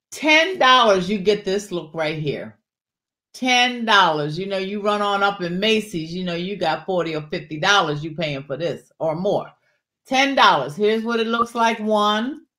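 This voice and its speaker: Slow-talking chatty woman selling jewelry. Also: mid-range voice, fairly bright tone. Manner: chatty, calls viewers honey and y'all. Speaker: jewelry seller hosting a live sale. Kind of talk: casual live-stream sales chat.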